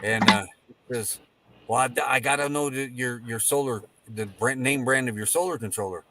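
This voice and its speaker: Casting note: everyday male voice, mid pitch, folksy storyteller in casual chat. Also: brisk, sharp tone. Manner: folksy storyteller, acts out dialogue.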